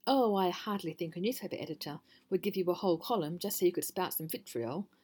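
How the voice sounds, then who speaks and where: A woman's voice: fairly low pitch, quick pace, a little mellow, breathy edge. A woman voicing a magnanimous, polite mother goat in a storybook reading. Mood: reasoning. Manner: polite and reasonable.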